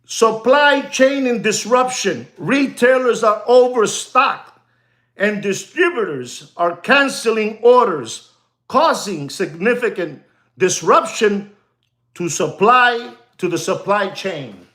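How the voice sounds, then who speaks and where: A man's voice: high-pitched, lively intonation, slow, a bit bright, roomy sound. A man who deals in watches, speaking in an emphatic, repetitive vlog rant full of heckling. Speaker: watch dealer.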